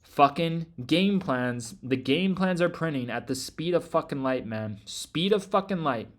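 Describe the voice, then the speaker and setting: Trading group host guy ranting hyped, swears nonstop, kinda high voice, super emphatic. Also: expressive, measured pace. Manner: loud, profane and emphatic, repeating "man" and swearing constantly. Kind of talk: hyped promotional rant.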